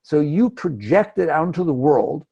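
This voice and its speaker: A man's voice: a little high, animated, normal speed, vocal fry, warm tone, breathy edge, dull audio. A man giving a conversational spiritual talk, emphatic and acting out inner thoughts. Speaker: spiritual teacher.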